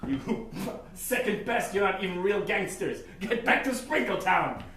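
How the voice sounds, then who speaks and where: An excitable gnome detective, jumpy and full of outbursts, played by a man. His voice is high and swoops around. The recording comes from a distant mic in an echoing theatre. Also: a little slow, full character voice. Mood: indignant. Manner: jumpy, exclaiming. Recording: echoey stage, distant mic, faint noise.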